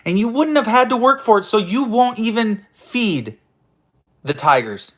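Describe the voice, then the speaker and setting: A man with a noticeably high-pitched voice rants at his listeners as host of his own show. He swears constantly, talks in a confrontational tone and keeps stumbling into restarts. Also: very animated, unhurried, fairly bright tone. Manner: profane, confrontational, stammering restarts. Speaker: host of an online audio room show. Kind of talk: angry ranting monologue.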